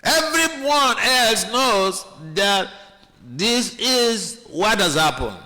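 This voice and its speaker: A man giving a sermon, his high voice swooping animatedly as he acts out quoted voices. His bright tone rings through a temple hall with long reverb, and he halts often to restart a phrase. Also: animated. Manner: halting with restarts. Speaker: speaker giving a scripture class.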